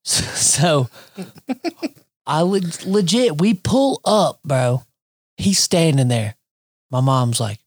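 A man's voice: on the high side, sing-song, measured pace, long pauses, darkish tone, husky, no room sound, studio quality. A young man telling a wild family story in casual chat, swearing and laughing as he goes.

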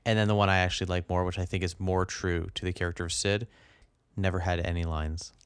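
A man's voice: low voice, fast talker, clean tone, dry recording. A young man co-hosting a podcast, reviewing a TV show with incredulous jokes. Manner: animated, incredulous joking. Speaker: podcast co-host. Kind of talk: casual chat reviewing a TV show.

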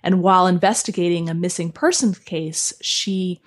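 A woman's voice: on the low side, normal speed. A woman novelist who reads a passage from her book aloud and then talks about it in an interview. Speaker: novelist and guest.

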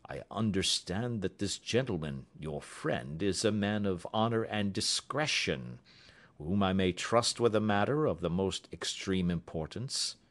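A man voicing a haughty Bohemian king with a deep, harsh voice and a German accent. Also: expressive, unhurried, a bit bright. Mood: guarded.

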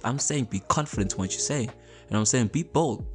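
A man's voice: mid-range voice, quick pace, a little mellow, soft background music. A man hosting a podcast in a casual motivational talk, conversational, repeating words and often checking in with listeners. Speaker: podcast host.

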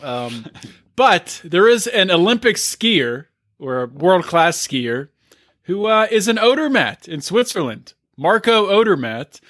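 A man trades wry asides as a podcast co-host. His voice is bright and slightly high, recorded close and dry with no room sound. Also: very animated, a little slow, dry recording. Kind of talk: casual chat.

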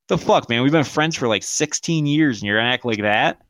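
A man's voice: on the high side, lively intonation, normal speed, a bit bright. Profane, laughing male storyteller. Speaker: podcast host. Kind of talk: casual storytelling.

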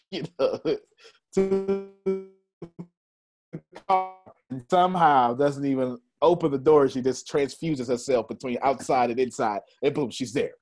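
Guy preaching motivation, husky mid voice, laughs while telling his story. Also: mid-range voice. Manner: animated, laughing storyteller addressing the crowd. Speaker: motivational speaker.

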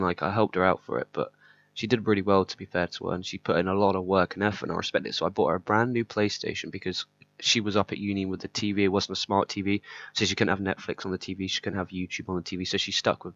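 Male podcast host, low-pitched, rambling and candid, dull lo-fi sound. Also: steady tone, fast talker, fairly bright tone. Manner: candid, rambling, swears often. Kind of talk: personal podcast monologue. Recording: slightly dull lo-fi audio.

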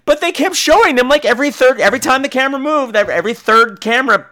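A man's voice: very high voice, animated, fast, pushed and bright. A man hosting a podcast, ranting in a comic, profane way and acting out quotes in exaggerated voices, with a New York accent. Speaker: podcast host. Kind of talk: comedic podcast rant.

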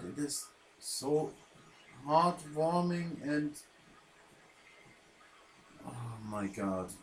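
Guy commentating a wrestling show on his podcast, talks slow, all emotional and halting, keeps restarting, faint hum behind. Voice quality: halting, with restarts and repeated words. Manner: deeply moved, emotional delivery.

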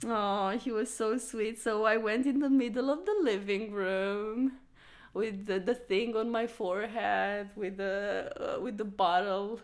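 A woman from Romania in her thirties, telling a childhood story in casual chat, animated and laughing as she acts out the people in it. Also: medium pitch, measured pace.

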